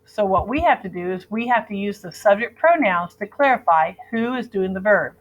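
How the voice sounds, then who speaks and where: A woman's voice: mid-range voice, animated, moderate pace, lo-fi sound. Patient woman teaching a grammar lesson. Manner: patient, drills students in call and repeat. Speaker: Spanish teacher.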